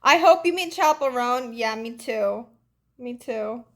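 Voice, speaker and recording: On a phone livestream, a young woman reads fan comments and chats casually in a slightly high, animated voice at a somewhat slow pace. She's breezy and a bit congested, her talk full of "like" and "literally."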